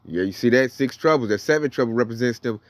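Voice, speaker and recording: Speaking quickly in a mid-range voice, a Bible teacher gives a casual sermon in loose street slang and reads passages of scripture aloud. The recording is dry.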